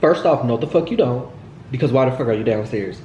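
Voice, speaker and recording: A man's voice: medium pitch, expressive, quick pace, dark tone, highs cut off, slight background noise. A man telling a personal story to his viewers in a heated, profane way, full of fillers. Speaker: storytime vlogger. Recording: echoey room.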